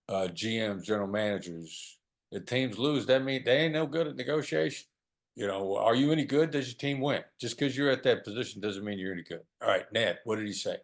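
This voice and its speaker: Man guest, low voice, emphatic, negotiation tips over a video call. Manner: emphatic, drops into a slow soothing voice to demonstrate. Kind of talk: lively explanatory talk.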